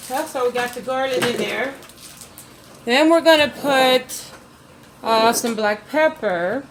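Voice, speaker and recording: A cooking vlogger with a slightly high voice speaks slowly as she demonstrates a dish in her home kitchen. Chatty and casual, she tells "you guys" what she's doing and repeats ingredient names as she puts them in, over some background noise.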